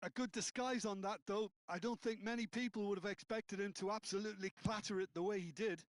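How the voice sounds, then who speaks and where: A man giving measured, analytical co-commentary on football in a video game. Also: high-pitched, fairly even intonation, no room sound.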